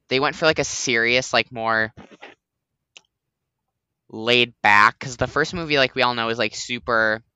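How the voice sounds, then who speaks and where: Male podcast host, bright clear voice, loose rambling chatter full of fillers. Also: medium pitch, no echo. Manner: rambling, heavy use of "like". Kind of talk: casual chat.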